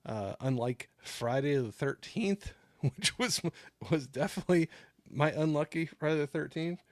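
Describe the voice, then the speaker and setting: A man's voice: a little high, lively intonation, unhurried, no echo. A middle-aged man hosting a casual livestream from home, rambling easily, thanking viewers and reading the chat aloud on a new microphone. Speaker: livestream host. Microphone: new desktop microphone. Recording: dry, close microphone.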